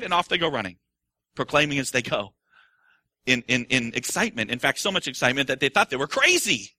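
A middle-aged man preaching a sermon as pastor, full of rhetorical questions and acted-out quotes, swinging from quiet musing to shouted excitement. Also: a little high, fast talker, no echo.

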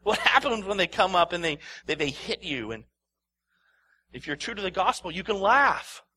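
Bright-voiced preaching man. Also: high-pitched, big pitch swings, moderate pace. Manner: swings between loud emphasis and hushed near-whispers, with frequent repetition; laughs often while preaching. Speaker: pastor. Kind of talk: sermon.

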